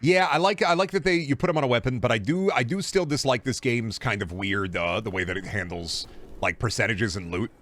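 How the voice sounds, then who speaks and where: A man streaming a game, chatting casually with viewers in animated, profane bursts. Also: lowish voice, brisk. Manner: animated, swearing, mock-scolding outbursts. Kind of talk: casual gameplay commentary.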